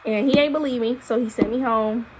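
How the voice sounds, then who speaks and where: A young woman, a new mother casually telling her birth story to camera in an expressive, profane way. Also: on the high side, brisk, a little hiss or hum, low-quality recording. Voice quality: expressive, profane, animated retelling. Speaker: vlogger, new mom. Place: at home holding her baby.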